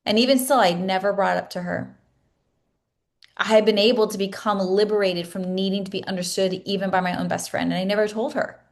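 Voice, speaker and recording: A woman's voice: mid-range voice, steady tone, brisk. A woman in her thirties, a coach telling a personal story to her class, earnest and emotional, with many restarts. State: tearful at times. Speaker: coach leading a masterclass.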